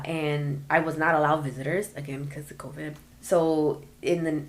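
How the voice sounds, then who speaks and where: Woman, low gravelly voice, podcast guest, heartfelt storytelling, acts out quotes. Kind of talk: casual interview chat.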